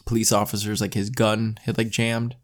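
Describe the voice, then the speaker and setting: A man co-hosting a casual podcast chat, rambling and halting with lots of fillers. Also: fairly low pitch, little pitch movement. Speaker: podcast co-host.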